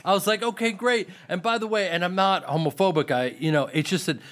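A man's voice: high voice, fast talker. A man who is a guest on a podcast, telling an anecdote in casual chat and acting out what others said. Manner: animated storyteller acting out quotes.

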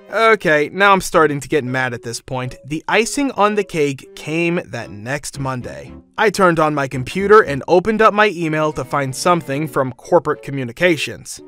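Male story narrator, slightly high voice, even scripted delivery, faint music bed.

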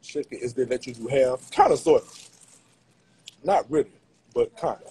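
A man's voice: mid-range voice, lively intonation, normal speed, dark tone, husky, rough recording. A man chatting casually with viewers on a live stream, slangy and laughing often. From Louisiana.

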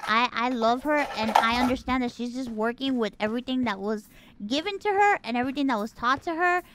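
A woman's voice: a little high, a little fast, very noisy. A woman streamer in casual chat, telling stories animatedly and swearing freely. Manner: animated storytelling, acting out her mom.

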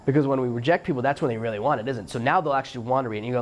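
A man's voice: mid-range voice, slight background noise. A middle-aged man hosting a solo podcast, giving emphatic coaching advice and acting out little bits of dialogue. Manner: fast-talking, emphatic coaching tone; acts out quoted dialogue. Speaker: podcast host.

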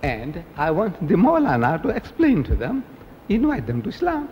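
Animated older man lecturing in a hall. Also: on the high side, fairly quick, a little hiss or hum. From South Africa. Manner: animated storytelling, mimicking others. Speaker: preacher. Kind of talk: public lecture.

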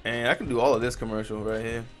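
Speaking fast in a medium-pitched, slightly bright voice with little pitch movement, this young male gaming host delivers casual let's-play commentary. He's frustrated, curses constantly, and addresses his viewers while faint game music plays.

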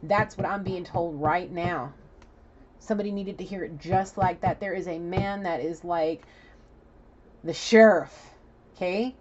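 A woman with a lowish voice gives a spiritual reading, talking emphatically and casually with plenty of swearing. The recording sounds a little dull, with a faint hiss underneath. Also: steady tone, normal speed, darkish tone. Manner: emphatic, profane, chatty. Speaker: psychic reader. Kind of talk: spiritual card reading to camera.

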